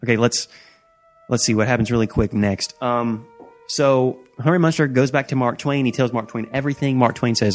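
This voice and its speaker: A man's voice: mid-range voice, steady tone, normal speed, soft background music. Joking man recapping a movie. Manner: rambling, jokey, acts out lines. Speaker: podcast host. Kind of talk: casual movie recap chat.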